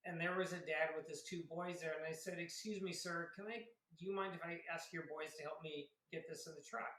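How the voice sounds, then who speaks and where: A man in his fifties who grew up in South Carolina, an Air Force veteran, is a guest in a casual interview, chatty and laughing often as he tells stories and acts out quotes. His fairly high voice is steady, fairly quick, and sharp. The low-quality recording is reverberant.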